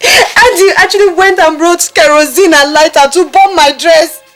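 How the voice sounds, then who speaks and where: A hot-tempered young Nigerian woman, scolding shrilly and crying out to God. Her voice sits high and sharp over a bed of film score music. Her English carries a strong Nigerian accent. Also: normal speed. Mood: complaining. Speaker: elder sister Juliana. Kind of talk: Nollywood film acting.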